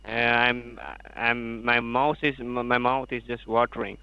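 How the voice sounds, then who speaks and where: A man's voice: mid-range voice, flat delivery, takes it slowly. Eager man on a dull phone line. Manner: eager, repetitive small talk. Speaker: phone scammer. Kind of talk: phone conversation.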